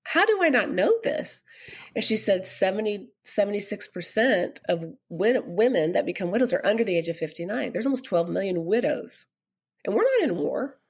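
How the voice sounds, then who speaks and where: A middle-aged woman, a podcast guest, telling a personal story earnestly and growing animated when she quotes others. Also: mid-range voice, brisk, husky.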